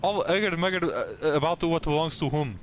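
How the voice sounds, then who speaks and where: A man's voice: on the high side, animated, a little fast, slight background noise, lightly acted. A man doing a rowdy, hearty sailor. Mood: boisterous. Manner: hearty sailor slang, stumbling over written lines. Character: rowdy boisterous male sailor, hard-drinking deckhand. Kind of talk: reading game dialogue aloud in character.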